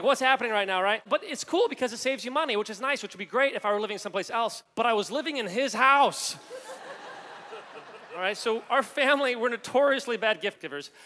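A man, an executive coach, giving a joking, animated conference talk and addressing the audience directly. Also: very high-pitched. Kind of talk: energetic humorous stage talk. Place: large hall on a conference main stage. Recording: long hall reverb.

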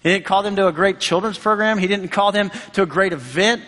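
High-pitched guy preaching a sermon in a big hall, chatty, acts out the voices. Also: brisk, fairly bright tone. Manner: conversational, acts out quoted voices. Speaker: pastor. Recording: long hall reverb.

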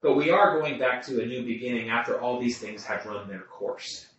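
A man's voice: medium pitch, normal speed, a bit bright, slight background noise. A man leading a group Bible study, thinking aloud with restarts and putting questions to the people around him. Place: room with a small group. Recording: muffled, echoey room, mic far off.

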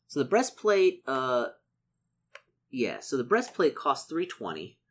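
Sex: man. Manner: excitable, muttering gamer. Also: mid-range voice, slow, breathy edge. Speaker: solo tabletop game player. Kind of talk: casual narration of a solo gamebook.

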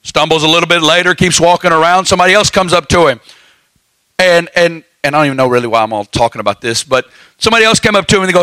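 A man preaching a sermon, telling stories in a folksy way with lively asides. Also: fairly high pitch, rapid-fire, clear, resonant tone, dry recording, rough recording.

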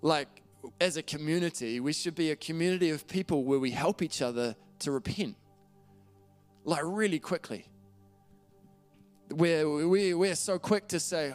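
A man's voice: fairly high pitch, normal speed, clear, resonant tone, soft background music. A man preaching a sermon in an earnest, conversational way, reading scripture aloud and often restarting his phrases. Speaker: pastor.

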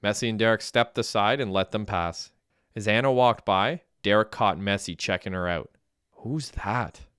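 A man's voice: on the low side, moderate pace, fairly bright tone, smooth, dry recording, clean studio sound. A man narrating an audiobook in a plain, matter-of-fact reading. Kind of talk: scripted narration.

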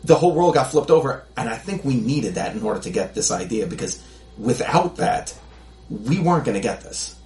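A man's voice: mid-range voice, expressive, a little fast, a little mellow. Reflective man in an echoey room. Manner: rambling, restarts, reflective. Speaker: podcast guest. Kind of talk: casual chat.

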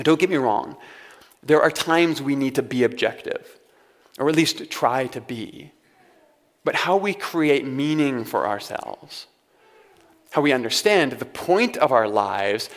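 A man preaching a sermon as pastor, talking to his congregation in a conversational way with wry humorous asides. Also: medium pitch. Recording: long hall reverb.

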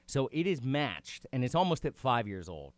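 A man's voice: mid-range voice, very animated, moderate pace, dry recording. A young adult man in casual chat as a podcast co-host, with wry, dry comebacks.

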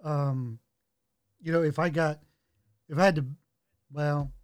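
A man's voice: a little high, takes it slowly, smooth, dry recording. Man with a dry, close sound, talking casually. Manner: relaxed, hesitant, filler-heavy. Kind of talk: casual chat.

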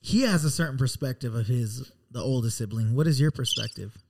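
A man's voice: mid-range voice, brisk. Laid-back man asking questions. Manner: relaxed, asks follow-up questions. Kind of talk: casual chat.

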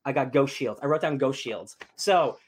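A young man chatting casually as a podcast host, gushing and excitable with lots of fillers. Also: medium pitch, moderate pace, slight background noise. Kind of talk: casual chat.

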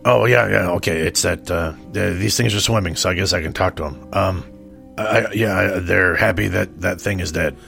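A very deep, gravelly man playing a tabletop game, his voice bright and edgy. He talks hesitantly and stumbles over his words. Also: normal speed, faint music behind. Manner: hesitant, stammering. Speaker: player. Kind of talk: casual tabletop game play.

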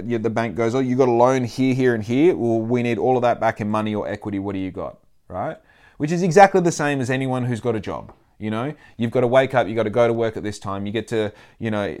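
Aussie bloke, lowish voice, just yarning away on his podcast, acts out what people said. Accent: Australian. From Australia. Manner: rambling, swears freely, acts out quoted people. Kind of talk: casual monologue.

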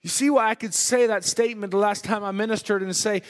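A male preacher with a high-pitched voice delivers a sermon in a church hall. His delivery swings between loud, emphatic declarations and soft, hushed asides. The sound carries a long hall reverb. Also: fairly even intonation, fast.

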